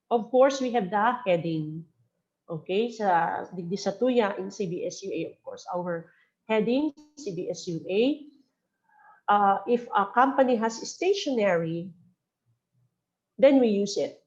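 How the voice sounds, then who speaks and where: A woman's voice: mid-range voice, lively intonation, slow, long pauses, darkish tone. A woman from the Philippines leads a workplace training webinar, her mid-range voice coming through slightly dull audio. She explains etiquette step by step and keeps checking in with her listeners, slipping between English and local phrases. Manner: mixes English with local Bicol phrases, frequent "okay?" checks. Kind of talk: webinar lecture on phone and letter etiquette.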